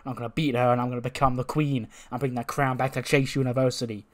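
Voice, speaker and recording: A man's voice: medium pitch, flat delivery, fast talker, lightly acted. A man doing a fired-up young female wrestler. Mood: pumped up. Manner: determined, pumped up.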